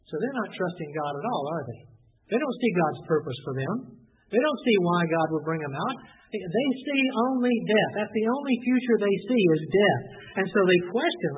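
A man's voice: high-pitched, husky. A man preaching a sermon, reading scripture aloud and asking his listeners rhetorical questions. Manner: earnest preaching, reads scripture aloud and voices the complaints. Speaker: pastor. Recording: tinny phone-like sound from a distance, faint noise.

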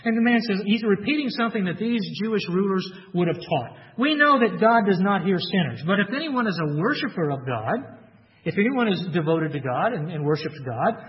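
Animated high-voiced man preaching in a hall. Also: fairly quick, highs cut off. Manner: animated, acts out quoted speakers with sudden high pitch jumps. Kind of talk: expository Bible sermon.

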